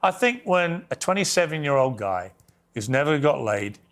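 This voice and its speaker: A man's voice: a little high, sing-song, normal speed, a bit bright. A man interviewing a guest, pressing him with pointed, confrontational questions.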